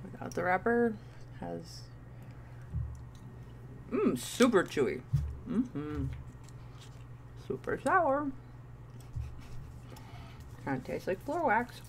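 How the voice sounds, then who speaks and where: A woman's voice: mid-range voice, very animated, extremely slow, gravelly, pauses often, slight background noise. A woman in her thirties doing a playful candy review vlog, with goofy asides. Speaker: vlogger.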